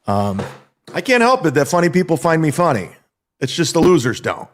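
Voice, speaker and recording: A man's voice: a little high, big pitch swings, moderate pace, slight background noise. A man who is a stand-up comedian talking in a casual monologue, boastful and defensive with plenty of swearing. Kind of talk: casual monologue on his own show.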